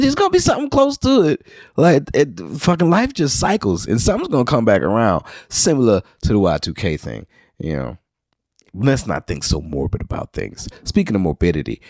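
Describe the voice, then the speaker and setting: A man's voice: lowish voice, a little mellow, dry recording, clean studio sound. A man from New Orleans hosting a podcast, rambling through a casual solo monologue with wry, profane asides. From New Orleans, Louisiana. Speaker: podcast host.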